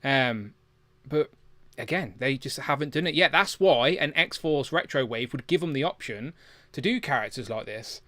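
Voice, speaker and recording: A man's voice: mid-range voice, lively intonation, moderate pace, pushed and bright, dry recording. Male host, chatty, close and dry. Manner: chatty, reads viewer comments aloud. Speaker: livestream host. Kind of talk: casual chat about toys.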